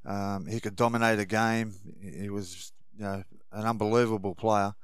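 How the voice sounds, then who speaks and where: An Australian man, a former rugby league player, co-hosting a casual sports chat in a measured way with frequent pauses. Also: on the low side, steady tone, clear, resonant tone, no room sound, clean studio sound. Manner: measured, hesitant with fillers.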